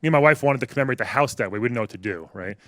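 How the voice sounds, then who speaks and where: A man's voice: mid-range voice, lively intonation, very fast, background noise. A man in his forties from New York doing a stand-up set, wry and conversational, riffing with the crowd. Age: 40s. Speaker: stand-up comedian. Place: comedy club stage with a live audience.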